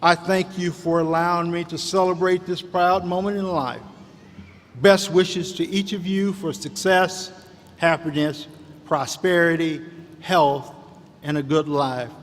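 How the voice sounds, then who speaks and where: A man's voice: a little high, steady tone, a little slow. Folksy rousing man in an echoey hall. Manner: folksy, rousing, calls out to the crowd. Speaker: commencement speaker. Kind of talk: commencement speech. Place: large hall.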